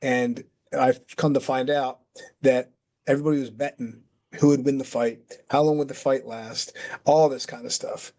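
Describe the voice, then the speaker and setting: A man's voice: medium pitch, normal speed. A middle-aged man, a retired pro wrestler, telling a story in a casual way with lots of fillers and acting out the quotes of the people in it. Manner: animated, acts out quotes, many fillers.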